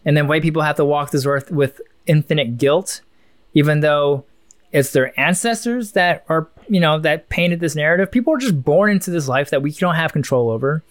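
A man's voice: a little high, moderate pace, no room sound. A man co-hosting a casual podcast, thinking aloud in a musing, rambling way with many restarts. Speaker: podcast co-host.

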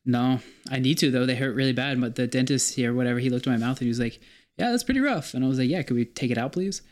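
A man's voice: medium pitch, fairly even intonation, rapid-fire, darkish tone. A young man from North Carolina co-hosting a casual podcast, telling crude stories and acting out what others said. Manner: crude storytelling, acts out quotes. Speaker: podcast co-host. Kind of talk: casual chat.

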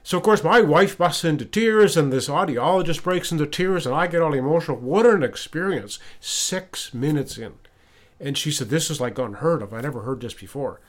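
A man's voice: on the high side, lively intonation, normal speed. A man hosting a podcast, casually telling a personal story and retelling conversations, often restarting and repeating words. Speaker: podcast host. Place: lives in Ottawa.

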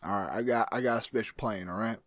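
A man's voice: lowish voice, quick pace, no echo, clean studio sound, lightly acted. A man playing a gleeful weapons inventor in an improvised comedy podcast, with crude, boastful banter. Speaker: podcast host. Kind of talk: improvised comedy role-play.

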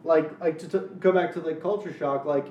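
A man's voice: fairly high pitch, steady tone, fairly quick, roomy sound, far from the mic, dull audio, slight background noise. A man from Louisiana with a Southern accent, co-hosting a podcast in loose casual chat, rambling with lots of fillers and restarts. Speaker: podcast co-host.

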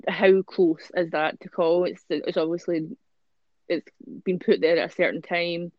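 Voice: mid-range voice, fairly even intonation, unhurried, no echo, lo-fi sound. A Scottish podcast co-host in casual chat, explaining things at length with many ums and restarts.

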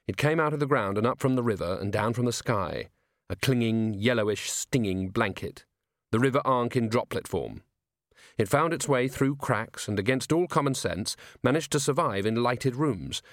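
A man reads a novel aloud as audiobook narrator, measured and clear. His voice sits in a middle pitch. The recording is dry and close, with no room sound. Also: dry recording. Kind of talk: scripted narration.

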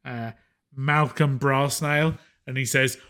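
A man narrating and running a tabletop game as game master, with many fillers and pauses. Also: medium pitch, fairly even intonation, a bit bright, clear, resonant tone.

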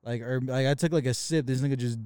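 A man's voice: medium pitch, fast talker, clean tone, no echo. A man co-hosting a podcast, telling a story in casual chat, swearing often and acting out what people said. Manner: profane, animated, acts out quoted dialogue. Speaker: podcast co-host.

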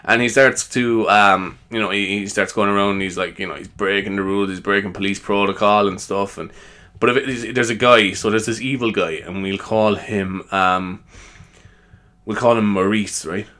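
A man's voice: on the low side, fairly even intonation, normal speed, bright, forceful tone. A tired man with an Irish accent, hosting a comedy podcast in a rambling, chatty way, often tagging "you know" and laughing at himself. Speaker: podcast host.

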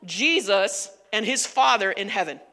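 Bright-voiced woman pastor preaching. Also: mid-range voice, measured pace. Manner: animated, emphatic, conversational. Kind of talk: sermon. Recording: long reverb of a large hall.

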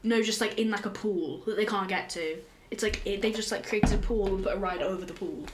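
Young woman, casual podcast chat, mid-pitched, faint room hum. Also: fairly quick. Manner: relaxed, hesitant, trails off searching for words. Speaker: podcast co-host.

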